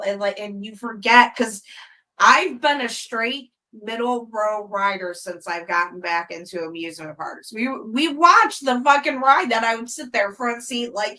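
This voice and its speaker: A woman's voice: fairly high pitch, normal speed, pushed and bright, distant mic, low-quality recording. A woman in casual chat, telling wry, self-mocking stories.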